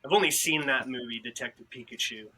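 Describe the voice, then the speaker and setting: A man in a casual podcast chat, an animated storyteller who acts out what others said. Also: mid-range voice, fast talker, husky. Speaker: podcast participant.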